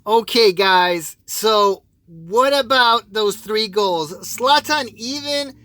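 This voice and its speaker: A young man co-hosting a casual soccer podcast, gushing and excitable with drawn-out exclamations. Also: high voice, no room sound. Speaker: co-host. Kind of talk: casual sports podcast chat.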